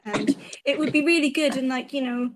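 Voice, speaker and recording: A woman with a high, fairly quick voice plays a tabletop game in a very noisy setting. Speaking in character, she's hesitant, full of ums and restarts.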